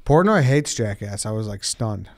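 A man's voice: lowish voice, lively intonation, normal speed. A man hosting a casual podcast, keeping the conversation moving in an easygoing way. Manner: easygoing, moves the conversation along. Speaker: podcast host running a draft.

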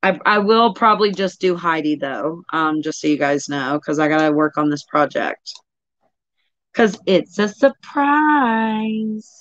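A woman's voice: fairly low pitch, animated, unhurried, no echo. A woman hosting a casual livestream chat, talking with viewers and easily sidetracked. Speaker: livestream host. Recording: dull lo-fi audio.

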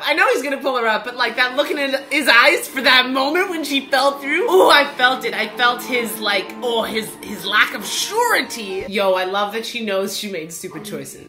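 A woman vlogging her reactions to a TV series, talking back at the screen in an animated, exclamatory way. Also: mid-range voice. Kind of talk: casual reaction commentary.

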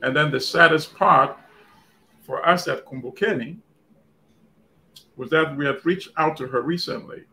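Male co-host, radio regular, gravelly and sharp-toned, deliberate tribute delivery. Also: a little high, poor audio. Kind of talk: panel discussion on a podcast.

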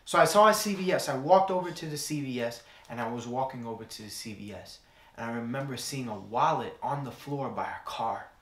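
A man's voice: medium pitch, a little fast, a bit bright, echoey room. A young man preaching a sermon, telling a personal story in an earnest way and repeating key phrases.

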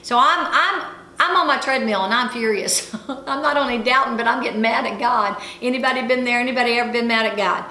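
A woman ministry speaker and show host giving an animated sermon-style testimony, telling her story with frequent laughs. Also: fairly high pitch, brisk. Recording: echoey room with faint ambient noise.

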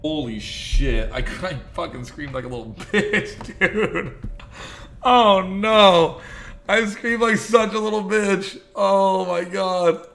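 A man's voice: high voice, slow, creaky, fairly bright tone. A man streaming a horror game, swearing and reacting in panic, with game music playing behind him. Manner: panicked swearing, screams and repeated exclamations. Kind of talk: live horror game commentary.

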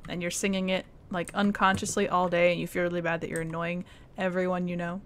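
A woman's voice: on the low side, little pitch movement, fast talker, fairly bright tone, a little hiss or hum. A young woman, chatting and giggling through a game as she streams it. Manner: chatty and giggly, talks to the game characters and chat. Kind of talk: casual gameplay commentary.

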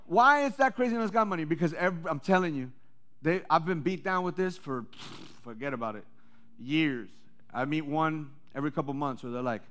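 A high-pitched man preaches to his congregation. He climbs to loud, rallying calls and then drops into quiet, wry asides. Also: a little fast. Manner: energetic preaching that swings between loud calls and low asides. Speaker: pastor. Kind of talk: sermon.

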